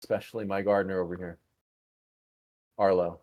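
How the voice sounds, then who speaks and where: A man's voice: low voice, level tone, normal speed, muffled recording, lightly acted. A man voicing a pompous, self-important male chief engineer who boasts in a grandiose way.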